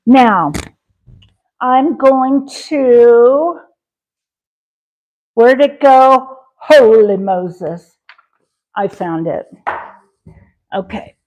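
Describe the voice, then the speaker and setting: Slow-talking chatty woman cooking live. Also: on the high side, muffled recording. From Wyoming. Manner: chatty, reads and answers viewer comments aloud; folksy sayings, many fillers. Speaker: cooking livestream host. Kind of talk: casual live-stream chat while cooking.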